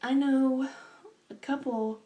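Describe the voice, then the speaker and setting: A young woman talking earnestly to her camera in a vlog, slow and emotional, halting with sighs and restarts. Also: high voice, steady tone, warm tone, slight background noise, poor audio. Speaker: vlogger.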